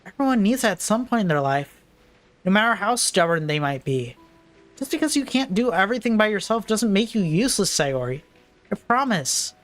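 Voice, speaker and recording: A woman reading aloud, voicing a caring teenage girl who gently reassures a friend. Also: medium pitch, big pitch swings, soft background music, natural voice. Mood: gentle. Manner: soft, reassuring, measured.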